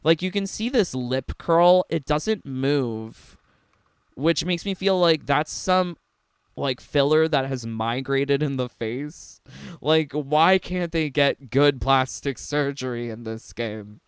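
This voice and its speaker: A man's voice: medium pitch, slow pace, clean tone, no room sound, clean studio sound. A man giving sarcastic, mocking reaction commentary on a game trailer, laughing often. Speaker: gaming commentator.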